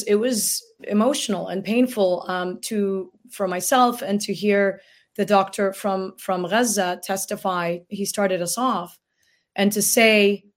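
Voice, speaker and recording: A woman guest speaking earnestly in a roundtable discussion, halting at times and emotionally moved. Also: medium pitch, fairly even intonation. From Palestinian family. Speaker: guest author and plaintiff.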